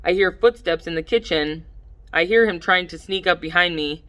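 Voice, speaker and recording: A woman reading a first-person audiobook in a measured way, livening up the dialogue. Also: on the low side, bright, forceful tone. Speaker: audiobook narrator.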